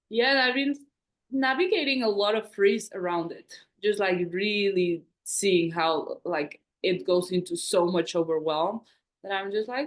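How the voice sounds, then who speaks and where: Slow, reflective woman podcast host. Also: medium pitch. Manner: reflective, rambling, many "like" fillers. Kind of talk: casual conversational podcast chat.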